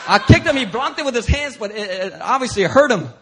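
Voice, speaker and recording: A man pastor preaching a sermon through an animated story, acting out voices and bursting into shouts. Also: very high voice, fairly quick, a crowd in the background.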